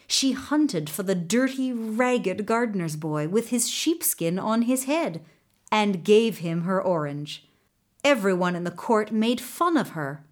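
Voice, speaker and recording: A woman telling a folktale aloud with expressive, deliberate narration. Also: medium pitch. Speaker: storyteller. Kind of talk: folktale storytelling.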